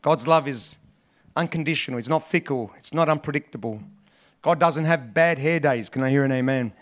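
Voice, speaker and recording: A middle-aged man preaching a sermon as pastor, emphatic and repetitive, swinging between loud stresses and soft asides. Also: mid-range voice, moderate pace.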